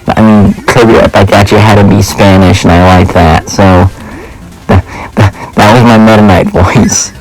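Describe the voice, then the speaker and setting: A man's voice: fairly low pitch, flat delivery, moderate pace, darkish tone, faint music behind, poor audio. A young man casually commenting on the game he is playing as a let's play host, rambling and self-deprecating with lots of fillers.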